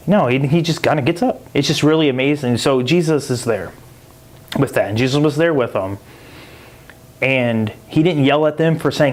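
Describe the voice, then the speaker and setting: Male podcast host, mid-pitched voice, casual animated Bible teacher who acts out the characters. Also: quick pace. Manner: animated storytelling, acting out quoted voices in a jumpy high pitch; loose and conversational, with many 'like' and 'kinda'.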